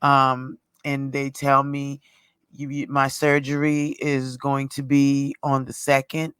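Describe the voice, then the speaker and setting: A man vlogger telling his personal story in a chatty, unhurried way, with plenty of fillers along the way. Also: mid-range voice, monotone, fairly bright tone, clean tone, no room sound.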